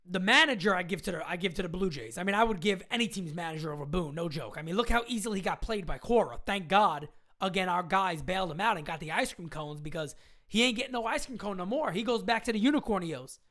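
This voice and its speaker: A woman hosts a casual livestream for sports fans, answering viewer questions as she goes. Her pitch swings widely, and she hammers her points home by repeating them in slangy, blunt phrases. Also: lively intonation, fast talker, a bit bright. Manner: slangy fan talk, occasional swearing. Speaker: live stream host. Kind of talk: casual live stream chat.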